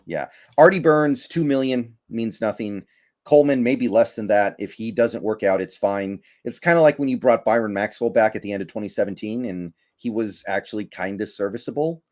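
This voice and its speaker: Male podcast co-host, slightly low voice, measured delivery. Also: a little mellow. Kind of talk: casual sports chat.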